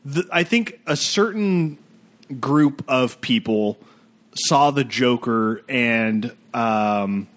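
A man's voice: medium pitch, lively intonation, drawn-out words. A young man chatting casually on a podcast, joking and rambling with fillers. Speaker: podcast co-host.

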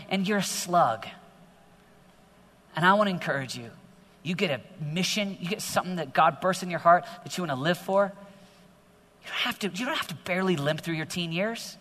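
A middle-aged man preaching to teenagers in a large hall, energetic and exhorting, often growing animated. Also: high-pitched, normal speed. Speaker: youth speaker. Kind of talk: sermon to teenagers. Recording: long hall reverb.

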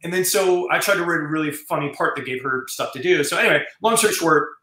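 Male screenwriter guest, casual rambling storyteller, slightly high voice, roomy sound. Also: quick pace, sharp tone. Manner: rambling, many fillers and restarts.

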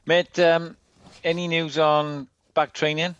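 A man's voice: a little high, flat delivery, slow, fairly bright tone, smooth, no room sound, dull audio. Chatty man hosting a rugby chat. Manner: chatty, acts out quoted dialogue. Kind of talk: casual chat.

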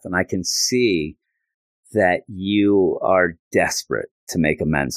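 A grieving mother speaks gently, halting as she forgives, read by a man in a low voice. The recording is dry and close. Her words come in short, broken runs. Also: no echo.

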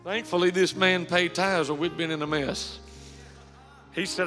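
A man's voice: high voice, steady tone, unhurried, pushed and bright, in a large hall, faint music behind. A man preaching a sermon, telling stories with emotion and building to fervent praise. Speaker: pastor. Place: church sanctuary.

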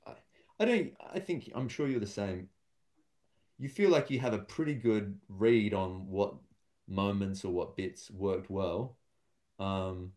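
With a low-ish, darkish voice, the comedian guest chats thoughtfully and casually in the interview, often restarting sentences and using many fillers.

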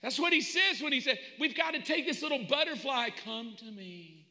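A male pastor preaches with great emphasis, swinging from loud declarations to quiet, hushed asides. His voice is high and very bright. A long reverb rings through the sanctuary. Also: animated, a little fast. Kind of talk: sermon.

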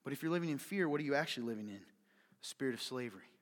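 A man preaching a sermon to his congregation, animated and joking, often asking the room questions. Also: medium pitch, racing, in a large hall. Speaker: pastor. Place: church hall with an audience.

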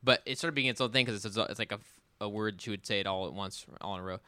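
A man telling family stories in a relaxed, casual chat, with fillers and restarts. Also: on the low side, fast, clean tone, no room sound.

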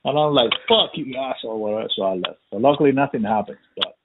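A man's voice: medium pitch, fast talker, heavy background noise. A man telling a story in casual chat, swearing a lot and acting out what people said. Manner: profane, animated, acts out quotes. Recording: tinny phone-like sound.

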